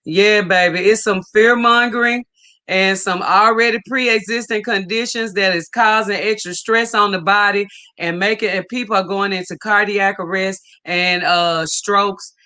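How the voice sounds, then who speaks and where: Bright, high-voiced man preaching. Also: fairly even intonation, measured pace, clean tone. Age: middle-aged. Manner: emphatic, preachy advice to viewers. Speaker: livestream host reading viewer comments. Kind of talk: casual livestream chat.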